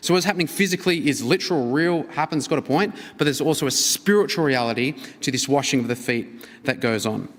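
A man preaching a sermon as a pastor, in an earnest, expressive manner that swings between emphatic and hushed. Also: medium pitch, fast talker. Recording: reverberant hall.

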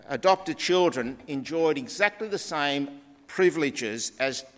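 A man delivers a sermon at an unhurried, deliberate pace, his slightly raised voice stressing key words as he teaches. A long reverb trails each phrase, as if he speaks in a large hall. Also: on the high side, fairly bright tone. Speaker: preacher.

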